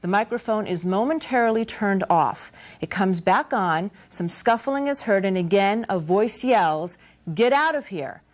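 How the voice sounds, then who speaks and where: A woman news anchor reading a scripted report in a measured, serious way. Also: mid-range voice, animated.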